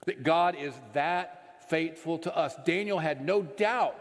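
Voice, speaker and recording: A man preaching a sermon, slow and earnest, letting his voice sink low and soft at the ends of phrases. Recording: long reverb of a large hall.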